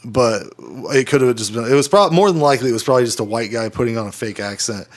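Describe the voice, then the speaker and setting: A man's voice: medium pitch, fast. A man co-hosting a casual podcast, telling a rambling story with lots of swearing and laughter. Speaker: podcast co-host.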